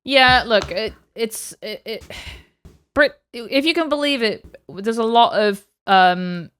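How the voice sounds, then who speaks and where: A woman's voice: a little high, expressive, slow pace, fairly bright tone, clean tone. A woman with an English accent co-hosting a podcast, chatting casually, joking and swearing freely. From England. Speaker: podcast co-host.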